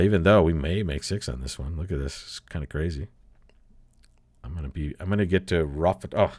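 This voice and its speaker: Low-voiced man teaching a card game. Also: no echo, studio quality. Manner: chatty, thinks aloud, laughs often, calls listeners folks. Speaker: bridge teacher. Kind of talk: casual play-along bridge lesson commentary.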